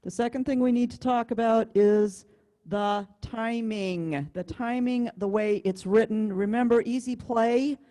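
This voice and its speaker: Brief: woman music teacher, mellow warm tone, patient and explanatory, on a video-call mic. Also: fairly high pitch, a little slow. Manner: patient, explanatory, counts beats aloud. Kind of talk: online class instruction. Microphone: computer mic on a video call.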